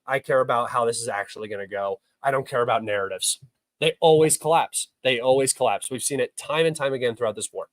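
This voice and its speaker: A young man hosts a live stream, reading questions from chat and answering them bluntly and argumentatively, with some swearing, in heated commentary. His medium-pitched voice moves at a quick pace, with no echo but poor audio quality.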